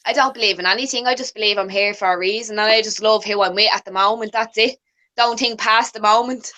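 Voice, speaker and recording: A woman's voice: medium pitch, steady tone, fast, sharp tone. A young woman in her twenties with an Irish accent, candid and giggly in a casual chat. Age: 20s. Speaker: guest.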